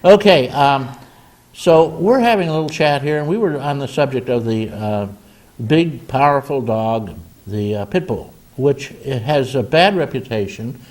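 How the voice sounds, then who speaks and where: A man's voice: medium pitch, animated, unhurried, darkish tone. An older man hosting a community call-in talk show, chatting in a joking, folksy way with frequent restarts. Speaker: host.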